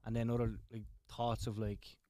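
A man's voice: fairly low pitch, little pitch movement, warm tone, no echo, studio quality. A young Dublin man chatting casually, with lots of fillers and swearing. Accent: Dublin Irish. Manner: rapid, swearing, filler-heavy. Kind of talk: casual storytelling chat.

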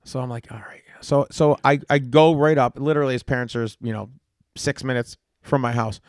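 A man co-hosting a podcast, telling stories in animated, joking banter. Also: mid-range voice, a little fast, dry recording, studio quality. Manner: animated, joking, self-deprecating. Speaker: podcast co-host. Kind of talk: casual banter.

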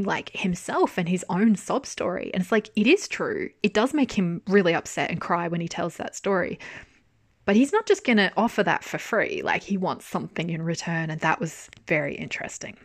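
A young woman chatting casually about a drama. She is animated, laughs often and swears. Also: on the low side, dry recording. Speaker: drama reviewer. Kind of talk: casual chat.

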